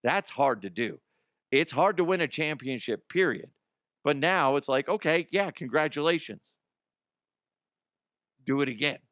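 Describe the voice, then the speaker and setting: A man's voice: mid-range voice, animated, measured pace, pauses often, fairly bright tone, no room sound, clean studio sound. A man hosting a casual sports talk show, ranting with profanity and sarcasm and laughing at his own jokes. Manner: mocking impressions of fans and players.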